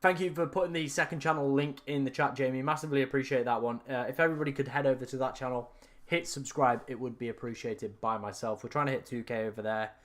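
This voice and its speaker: A young man with a raspy, worn-out voice, chatting to viewers on a live stream in a rambling, self-correcting way. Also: mid-range voice, fairly even intonation, fast talker, fairly bright tone. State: strained, raspy voice after hours of talking. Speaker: fantasy football streamer. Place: room at home.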